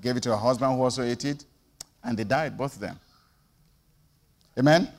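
A man preaching a sermon, firing off rhetorical questions and swinging between loud outbursts and quiet asides. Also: medium pitch, moderate pace, in a large hall.

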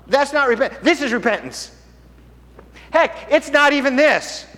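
Animated high-voiced preacher in a reverberant hall. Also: male voice, measured pace. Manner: animated, emphatic, rhetorical questions to congregation. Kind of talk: sermon.

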